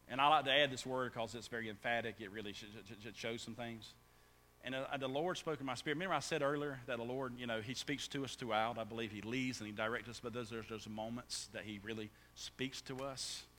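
A man preaching a sermon as pastor, often stammering and restarting, then building to loud, fervent preaching. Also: mid-range voice, brisk. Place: church sanctuary. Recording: echoey hall with faint hum.

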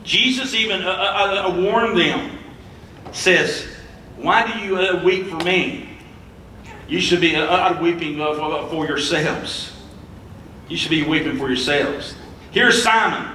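A young male preacher reading scripture aloud in a sermon, halting often with filler sounds. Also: a little high, pushed and bright, slight background noise. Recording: echoey room, mic at a distance.

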